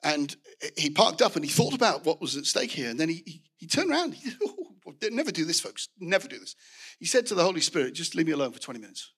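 Middle-aged male preacher, high and forceful, rambling anecdotal sermon with asides to the room. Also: sing-song, a little fast, slightly rough. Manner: storytelling with frequent restarts and asides to the congregation.

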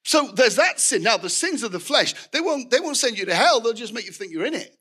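A man's voice: extremely high pitch, big pitch swings, fairly quick, pushed and bright, breathy edge. A middle-aged man preaching a sermon, telling anecdotes with restarts and asides to the congregation.

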